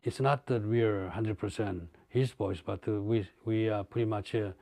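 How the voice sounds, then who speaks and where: Halting man with a gravelly voice. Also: on the low side, fairly even intonation, mellow, dry recording. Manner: halting, many fillers and restarts. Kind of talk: interview recollection.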